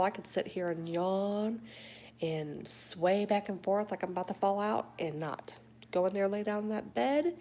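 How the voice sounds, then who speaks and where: Soft-spoken woman, low voice, half-whispered. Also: a little hiss or hum. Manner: warm, affectionate toward viewers. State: sleepy but awake. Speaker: livestream host. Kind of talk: late-night livestream chat, reading viewer comments.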